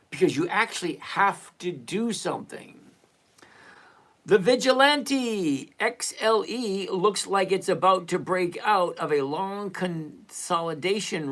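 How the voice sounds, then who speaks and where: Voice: medium pitch, a bit bright. A live-stream host answering viewers' questions in a blunt, repetitive, lecturing way, with mildly profane, exasperated asides. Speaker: stock trading livestream host.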